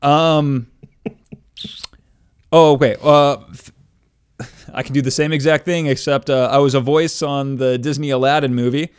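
A man's voice: mid-range voice, fairly even intonation, a little slow, pauses often, clear, resonant tone. A young man in casual chat, telling stories full of fillers and self-deprecating asides. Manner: rambling storyteller, filler-heavy, self-deprecating.

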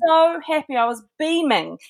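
A woman's voice: high-pitched, normal speed, gravelly. Enthusiastic woman author telling stories. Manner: enthusiastic, animated storytelling. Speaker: podcast guest, author. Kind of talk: casual interview chat.

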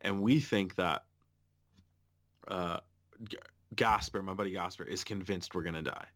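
A man co-hosting a podcast, casually telling a lively travel story and swearing often. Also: low-pitched, measured pace. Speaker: podcast co-host.

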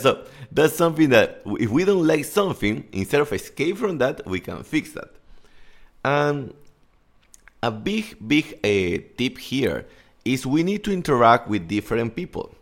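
A man in his thirties, a native Spanish speaker, talks through a casual podcast coaching session at a middle pitch. He is loose and candid, swears freely and drops short Spanish asides into his English. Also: expressive, normal speed. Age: 30s.

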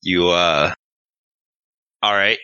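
A man's voice: low-pitched, extremely slow, bright, forceful tone, clean tone, no room sound, lo-fi sound. A man playing a tabletop role-playing game, talking casually with profanity and frequent hesitations. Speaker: player.

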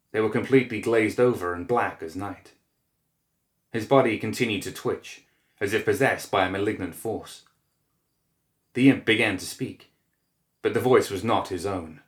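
A man narrating a dark fantasy story in a measured, grave manner, recorded in an echoey room. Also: fairly low pitch.

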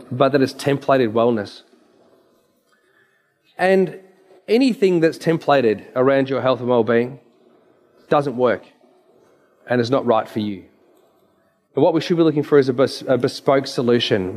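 A man's voice: medium pitch, darkish tone. A man, a naturopath giving an emphatic, story-filled presentation with slides.

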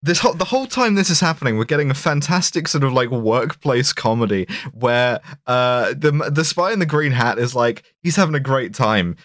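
A man's voice: medium pitch, expressive, normal speed, few pauses, a bit bright, no room sound, studio quality. A man co-hosting a casual film podcast, joking and swearing as he retells scenes. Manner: sweary, jokey, quotes characters in funny voices. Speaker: podcast co-host. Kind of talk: casual film review chat.

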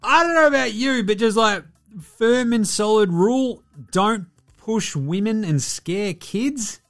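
A man hosting a casual sports talk show, swearing freely and talking in a loose, animated way. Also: high voice, slow, faint music behind. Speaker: podcast host.

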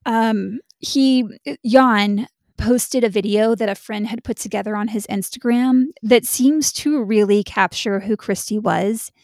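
Casual blunt woman, slightly high, dry sound. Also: unhurried, a little mellow, no echo. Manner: casual, blunt, swears freely. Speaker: podcast co-host. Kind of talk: true crime podcast chat.

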